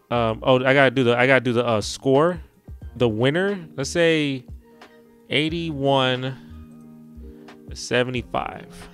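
A young man from Houston talks in an offhand, rambling way with a mid-range voice, repeating words as he weighs each choice out loud. Faint music plays behind him. It sounds like a loose, casual vlog. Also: medium pitch. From Houston, Texas. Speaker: sports YouTuber. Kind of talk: casual vlog, thinking aloud while filling out a bracket.

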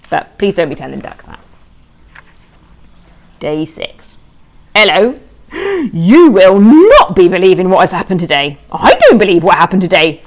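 A woman author reading her own children's book aloud, telling it in a playful, childlike voice with cheerful bad grammar. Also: lowish voice. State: tearful at moments.

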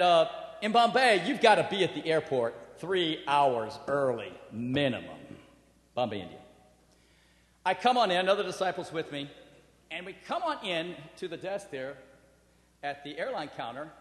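A man preaching a sermon and telling a personal story, animated, with acted quotes and laughter. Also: high-pitched. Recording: roomy hall with long reverb.

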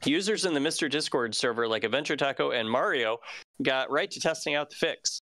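A man's voice: mid-range voice, lively intonation, brisk, pushed and bright, no room sound. A man hosting a casual live-stream news chat, rambling with many fillers and restarts. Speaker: show host.

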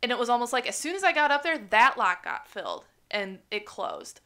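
A woman with a bright, crisp voice pitched a little high. She co-hosts a casual podcast and tells stories with animation, acting out what people said and laughing often. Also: a little fast. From Chicago area. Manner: animated storytelling, acts out quotes, laughs often. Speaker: podcast co-host.

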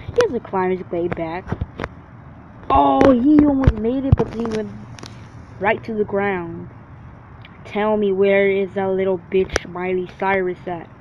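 A man's voice: sits high, a little slow, pauses often. A man giving brash, trash-talking gameplay commentary full of swearing. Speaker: gamer. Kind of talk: profane let's-play commentary. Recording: dull lo-fi recording with faint hiss.

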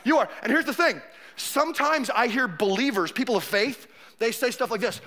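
Bright, high-voiced joking preacher man. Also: lively intonation, normal speed. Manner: conversational, joking, acts out quotes. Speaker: pastor. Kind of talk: sermon.

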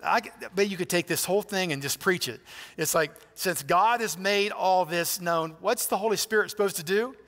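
A man's voice: high-pitched, normal speed, a bit bright, in a large hall. A man pastor preaching a sermon in a church, in a conversational, emphatic way with direct appeals to listeners. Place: church sanctuary.

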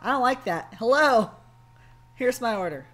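A woman's voice: on the high side, lively intonation, moderate pace, fairly bright tone, faint music behind. A woman streamer chatting casually and joking with her audience while playing a game. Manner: joking, banters with chat and cohost. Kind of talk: casual gameplay chat.

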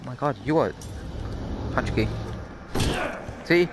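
A man's voice: mid-range voice, expressive, unhurried, pauses often, music in the background. A man casually commenting while playing a horror game, chatty and jokey. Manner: chatty, jokey, easily startled. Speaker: gamer.

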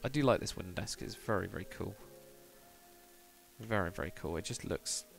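A man's voice: low-pitched, normal speed, vocal fry, faint music behind. A man on a casual live stream, thinking aloud and muttering to himself as he builds, stopping now and then to read out and answer viewer chat.

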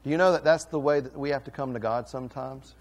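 A man's voice: mid-range voice, quick pace. A middle-aged man, a pastor, giving a playful children's sermon and questioning the kids.

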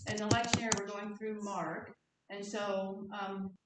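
A woman pastor telling a story in a relaxed, conversational sermon. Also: medium pitch, normal speed, heavy background noise. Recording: echoey church hall from far off.

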